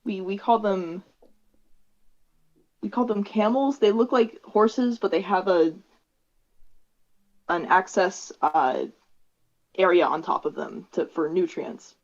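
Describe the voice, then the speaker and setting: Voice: medium pitch, takes it slowly, pauses often. A tabletop game player who explains things in a hesitant, rambling way. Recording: muffled lo-fi mic.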